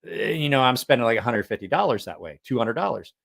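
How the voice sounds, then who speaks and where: A man in the middle of a loose, unscripted story, talking at an everyday pitch. He wanders through his sentences with fillers and restarts, and his humor is frank and self-mocking. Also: animated, quick pace, creaky, fairly bright tone. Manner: rambling and chatty, with frequent fillers and restarts. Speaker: vlogger. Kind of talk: casual storytelling monologue.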